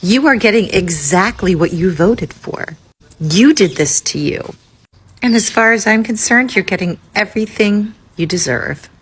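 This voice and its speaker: A woman's voice: medium pitch, expressive, unhurried, husky. A woman ranting about politics, sarcastic and scolding, with swearing. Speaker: commentator. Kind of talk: angry political rant.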